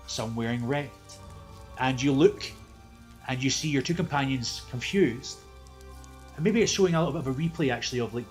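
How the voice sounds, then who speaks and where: A man narrating a tabletop game as game master, lively and laughing often, with loose asides. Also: medium pitch.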